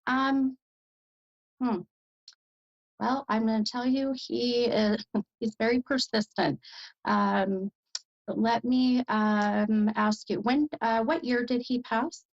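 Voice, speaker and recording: Gravelly American woman, hesitant medium. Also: fairly high pitch, slow, long pauses, highs cut off. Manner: hesitant, lots of fillers, animated bursts of delight. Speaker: psychic medium host. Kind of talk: live psychic reading.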